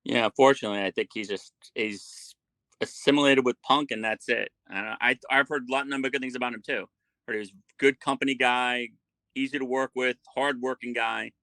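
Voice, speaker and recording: A man guesting on a casual podcast, his voice bright and forceful. The sound is dry and close. He keeps questioning things and sounds puzzled. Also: mid-range voice, fairly even intonation, fairly quick, dry recording. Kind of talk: casual chat.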